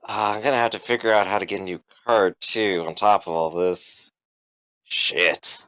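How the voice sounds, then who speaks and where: A rattled, grudging man sighs his way through halting lines and curses under his breath, as a game master puts him on. The voice swings through a lively pitch range. The sound is close and dry. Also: no echo. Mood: grumbling. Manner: sighing, halting and muttering curses. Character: shaken, grumbling adult man, reluctant and sighing.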